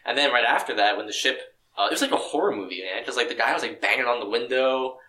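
Excitable young man in a roomy space. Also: mid-range voice, quick pace, recorded from a distance. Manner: excitable, filler-heavy, laughs often. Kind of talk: casual film discussion.

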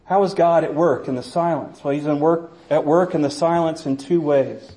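A man's voice: a little high, normal speed, few pauses, warm tone. A man preaching a sermon in a church, impassioned and dramatic, acting out the voices he quotes. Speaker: pastor.

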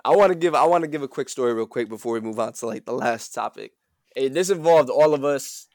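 A man's voice: medium pitch, fast, a little mellow, no room sound, clean studio sound. A young man hosting a casual podcast chat, telling a laid-back, slang-filled story. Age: young adult. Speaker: podcast host.

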